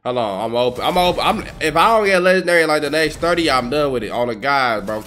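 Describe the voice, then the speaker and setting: Playing and commentating casually, a young man who streams games hurls profane trash talk at opponents and gets excited in quick bursts. His voice is fairly high, with slight background noise.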